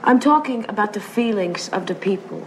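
A woman's voice: mid-range voice, lively intonation, normal speed, a little hiss or hum, lightly acted, poor audio. An actress playing a young female Polish exchange student in a TV show, with a put-on Eastern European accent and a stuffy, formal delivery. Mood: earnest. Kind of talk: 1980s TV sitcom acting.

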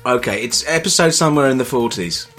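A man hosting a comedy podcast, playful and teasing with mock-flirty bits, chatting in a hot room in his flat on a desk microphone. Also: medium pitch, quick pace, soft background music. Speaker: podcast host. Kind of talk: casual comedy podcast chat. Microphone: USB desk microphone.

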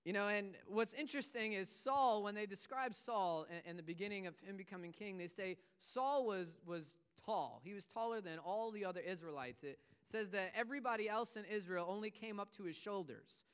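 A man's voice: high voice, normal speed, hardly any pauses, fairly bright tone, clean tone. A man preaching a sermon, retelling a scripture story in earnest, casual storytelling words. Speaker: pastor.

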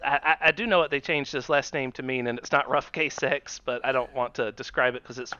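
A man's voice: medium pitch, steady tone, brisk, sharp tone, clean tone. A man co-hosting a podcast, talking bluntly and profanely, stumbling over his words. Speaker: podcast co-host. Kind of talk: casual chat. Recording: dry, dull lo-fi mic.

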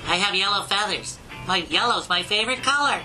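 An older man in his seventies voicing a sweet, curious young giant yellow bird, a child who talks in a high, earnest way. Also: animated, brisk, loud music behind the voice, rough recording. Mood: cheerful. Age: 70s.

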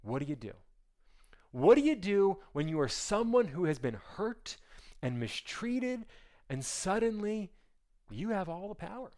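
Male pastor, animated storyteller, lively swinging pitch. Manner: acts out the characters' lines in quick voices; animated and conversational, with many asides.

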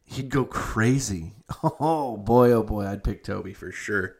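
A husky, fairly low voice at a measured pace belongs to a young adult man hosting a podcast. His casual chat rambles and is heavily profane, full of fillers and restarts as he corrects himself.

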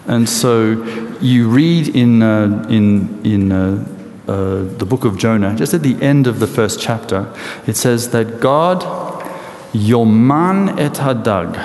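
A man preaching a sermon in a lively, animated storytelling way with rhetorical questions, in a large hall or church. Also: fairly low pitch. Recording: echoey hall with long reverb and faint noise.

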